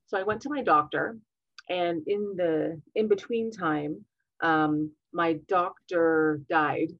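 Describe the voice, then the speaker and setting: A woman's voice: lowish voice, takes it slowly, dry recording, highs cut off. A woman, a podcast guest, telling a story over a remote call and acting out the voices of the people in it. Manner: animated, acts out quoted dialogue. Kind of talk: casual storytelling interview.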